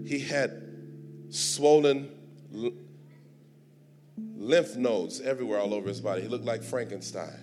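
A man preaching a sermon, moving from quiet talk to shouted, drawn-out declarations. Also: mid-range voice, background noise. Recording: live sermon with music playing behind. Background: instrumental music.

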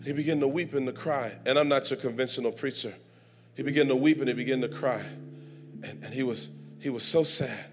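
Fiery preacher man over church music. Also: medium pitch. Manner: swings from soft to shouting, drawn-out declarations. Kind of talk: sermon. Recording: live sermon with music playing behind. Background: instrumental music.

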